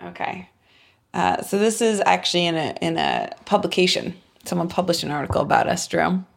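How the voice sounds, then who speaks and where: A woman's voice: on the low side, very animated, a little fast, gravelly. A young woman hosting a podcast, teasing her guest and reading an article aloud with playful drama. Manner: teasing, giggly, reads with mock drama. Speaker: podcast host. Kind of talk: casual chat and reading aloud.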